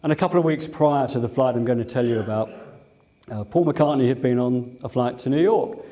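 Older man, mellow voice, telling stories. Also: mid-range voice, a little fast. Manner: anecdotal, fond storytelling with fillers. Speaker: guest speaker, former airline captain. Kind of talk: museum talk. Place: museum lecture room.

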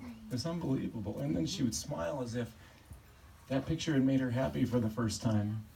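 Man, eulogy at a memorial service, fond and halting, recorded from a distance with steady background noise. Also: mid-range voice, gravelly. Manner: halting, fond storytelling, often chuckling. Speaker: family member giving a eulogy. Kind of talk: personal eulogy with stories.

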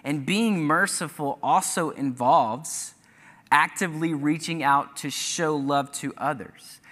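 A man's voice: a little high, slow pace, sharp tone. A man preaching a sermon as pastor, earnestly reading scripture aloud with emphatic rises. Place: church sanctuary. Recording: church hall reverb.

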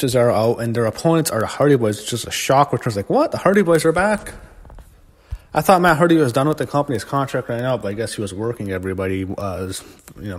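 Man, blunt and profane, casual rant, mid-pitched voice, long reverb tail. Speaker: wrestling show reviewer. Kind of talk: casual opinionated recap monologue.

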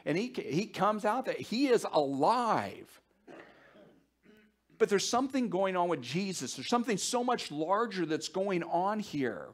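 A male pastor delivering a sermon in a somewhat high voice. He swings from lively joking to a hushed, almost whispered intensity, and he repeats words and searches aloud with fillers as he works through his point. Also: a little slow. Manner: animated and joking, with sudden drops to a hushed near-whisper.

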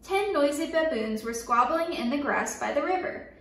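A woman reads a children's picture book aloud, bright and high in pitch, and she adds playful sound effects as she goes. Her voice sits a little away from the microphone, in a roomy space with a noticeable echo. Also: moderate pace, far from the mic. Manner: lively, playful sound effects and call-and-response. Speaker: story time reader. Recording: echoey room, voice a bit off-mic.

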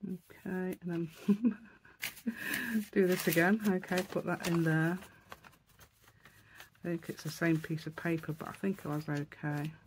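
A woman's voice: on the low side, level tone, a little slow, long pauses, slight background noise. A woman hosting a casual crafting tutorial, thinking aloud as she works and often correcting herself. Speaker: craft channel host.

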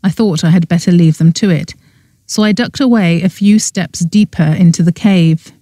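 A woman narrating a first-person cozy mystery audiobook in a brisk storybook reading. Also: on the low side, mellow, no echo, studio quality.

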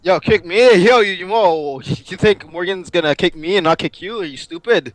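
A teenage boy on a gaming voice chat, hurling loud, nonstop trash talk over a headset mic. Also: high voice, moderate pace, no room sound, low-quality recording.

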